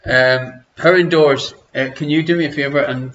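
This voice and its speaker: Chatty Irish quiz host, lo-fi. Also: male voice, medium pitch, fairly quick, fairly bright tone. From Ireland. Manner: chatty, teasing, greets viewers by name. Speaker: online quiz show host. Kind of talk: casual live-stream chat. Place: living room at home. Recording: lo-fi home stream audio.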